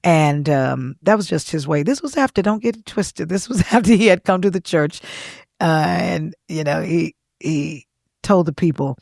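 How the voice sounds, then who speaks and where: Woman, gospel singer and pastor, gravelly voice, dry close sound, confiding storytelling. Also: deep voice, moderate pace, no echo. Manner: earnest, confiding, with soft chuckles. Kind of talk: candid emotional storytelling.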